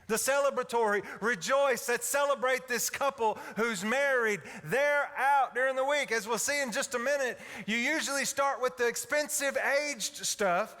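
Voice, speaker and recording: A man from Alabama, preaching a folksy, humorous sermon that swings from loud to hushed. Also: very high-pitched. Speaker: pastor. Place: church sanctuary. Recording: echoey church hall.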